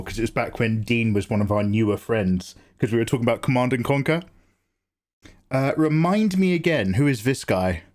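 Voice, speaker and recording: Male art streamer, casual chat, lively up-and-down delivery, loose and profane. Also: mid-range voice, moderate pace. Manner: rambling, sweary, jokey, greets chat by name. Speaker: streamer and artist. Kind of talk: casual livestream chat while drawing.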